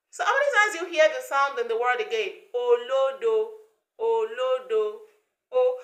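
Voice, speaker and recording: A woman teaching English pronunciation, speaking slowly and deliberately and repeating each sound for learners to copy. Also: fairly high pitch, sharp tone, reverberant.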